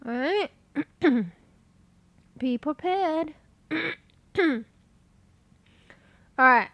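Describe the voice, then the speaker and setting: A woman's voice: sits high, lively intonation, drawn-out words, no echo, dull audio. A woman, chatting casually and rambling while streaming, swearing offhand and sounding congested.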